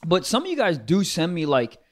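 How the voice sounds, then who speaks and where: A young man hosting a casual podcast chat, animated, swooping up high when he quotes people. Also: brisk. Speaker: podcast host.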